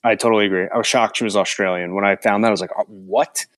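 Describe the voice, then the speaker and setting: A man's voice: lowish voice, fairly even intonation, rapid-fire, fairly bright tone, no room sound. A man co-hosting a casual film podcast, laughing easily and acting out his own reactions. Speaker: podcast co-host.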